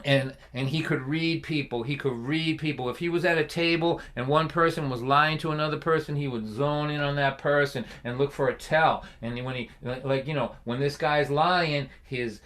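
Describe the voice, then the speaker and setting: A man spins a comic family story, chatty and animated. His voice sits a little high with a bright, forceful ring. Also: moderate pace, few pauses. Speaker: folk singer and storyteller.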